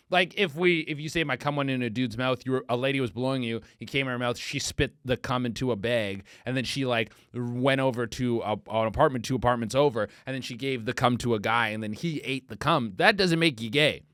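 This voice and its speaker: A man's voice: medium pitch, dry recording, clean studio sound. A man hosting a comedy podcast, riffing crudely and acting out little quoted voices as he tells it. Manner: crude, animated storytelling with acted-out quotes. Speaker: podcast host. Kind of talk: casual comedic podcast chat.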